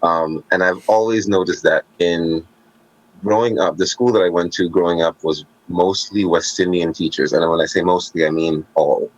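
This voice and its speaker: A man's voice: low voice, fairly even intonation, moderate pace, highs cut off. A man in casual conversation, talking emphatically and thoughtfully about everyday manners.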